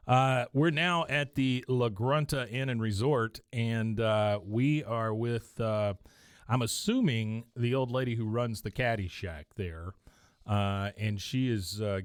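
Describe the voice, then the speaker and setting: A man's voice: on the low side, no room sound. A man in casual podcast chat, walking through scenes and reading out bits of dialogue. He laughs often and lightly changes his voice for the quotes. The sound is close and dry, with no room around it. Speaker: podcast co-host recapping an episode.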